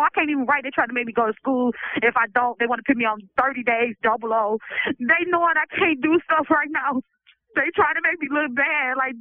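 A middle-aged woman in prison making an emotional, halting plea for help over the phone. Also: sits high, no echo. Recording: dry, tinny phone line.

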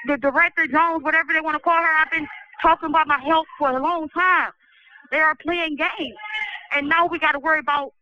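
Very high-pitched sick man on a phone line. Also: bright, forceful tone, slight background noise. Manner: pleading, distressed, halting restarts. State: sick, coughing, swollen throat. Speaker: incarcerated person giving a recorded commentary. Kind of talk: recorded phone commentary. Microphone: telephone. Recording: muffled, dry prison phone line.

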